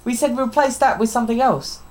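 A woman's voice: a little high, a little mellow. A young woman, co-hosting a casual podcast, bossy and teasing in her banter. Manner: bossy, teasing, quick to laugh. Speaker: podcast co-host.

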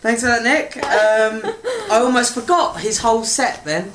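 A man's voice: very high-pitched, lively intonation, moderate pace, fairly bright tone. Giggly young man in a roomy space. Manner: giggly, playful, jokey. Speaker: podcast co-host. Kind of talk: casual banter. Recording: roomy echo, faint noise.

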